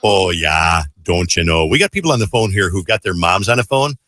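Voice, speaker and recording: A man's voice: deep voice, animated, bright, forceful tone, no echo, clean studio sound, faint music behind. A man hosting a morning radio show, chatting and joking in a loose, rambling way. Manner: chatty, joking, drawn-out asides. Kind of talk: casual radio banter. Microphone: studio microphone.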